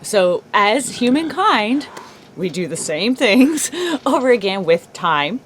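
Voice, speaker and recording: A woman's voice: medium pitch, very animated, takes it slowly. A woman co-hosting a casual chat show, laughing often and musing about human nature. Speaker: co-host. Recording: faint background noise.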